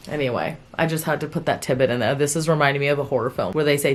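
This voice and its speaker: A young woman vlogging about a book she is reading, talking to her viewers in a chatty, animated way and laughing often. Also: a bass voice, quick pace. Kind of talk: casual chat to camera.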